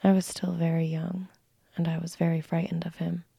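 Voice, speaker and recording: A woman narrating a classic story in a soft, slow unvoiced whisper, a whispered role-play read close to the mic. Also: lowish voice, flat delivery, vocal fry, husky, no echo.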